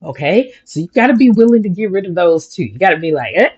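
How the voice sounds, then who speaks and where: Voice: medium pitch, fast talker, breathy edge, muffled recording. A spiritual vlogger in a casual motivational vlog, talking in a chatty, rambling way and telling stories with energy. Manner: chatty, rambling, animated storytelling.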